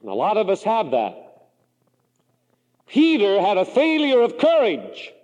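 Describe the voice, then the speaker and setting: Preacher, male, Pacific Northwest, high animated delivery, churchy hall echo. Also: measured pace, lo-fi sound. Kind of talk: sermon.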